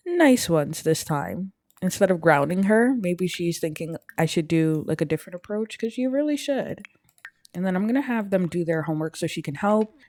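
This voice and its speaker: A woman's voice: on the low side, darkish tone, no room sound, studio quality. A woman giving casual gameplay commentary as a gaming YouTuber, chatty and rambling with many "like"s.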